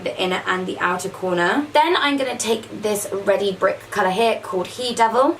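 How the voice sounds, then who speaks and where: A woman's voice: mid-range voice, a little hiss or hum. Chatty woman, a bit far from the mic. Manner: chatty, says "like" often. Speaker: makeup vlogger. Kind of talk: casual makeup tutorial talk.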